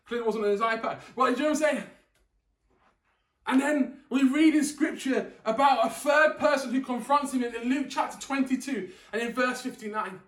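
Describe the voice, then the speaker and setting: A man preaches a sermon in a loose, conversational way, often restarting his words and putting questions to his listeners. His voice is high. He stands away from the mic in an echoey church hall. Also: moderate pace, a bit bright. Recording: echoey room, distant mic.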